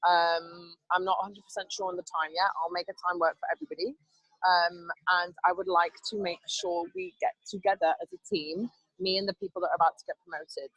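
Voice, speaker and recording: A woman's voice: fairly low pitch, expressive, fairly quick, gravelly, a bit bright, husky, no room sound, highs cut off. A woman leading a team training over a video call, upbeat and chatty, laughing often. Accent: not Canadian. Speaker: team leader.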